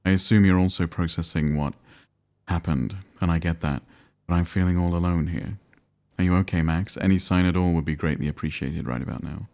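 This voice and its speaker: A man reading out texts from an anxious, frazzled young man, in a casual deep voice. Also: brisk, vocal fry, darkish tone. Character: anxious young man, friend, rattled and restless.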